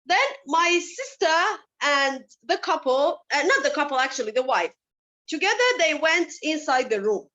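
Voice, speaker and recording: A woman's voice: high-pitched, lively intonation, normal speed, sharp tone. A woman speaking at a summit, telling personal stories with passion and firing off rhetorical questions. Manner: impassioned, asks many rhetorical questions. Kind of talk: personal storytelling speech. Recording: dull lo-fi recording.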